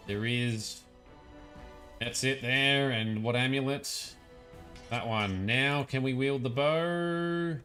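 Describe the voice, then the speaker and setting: A man's voice: mid-range voice, slow, pushed and bright, faint music behind. A young man with an Australian accent, chatting and thinking aloud while streaming a game, often laughing. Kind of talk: live-stream gameplay commentary.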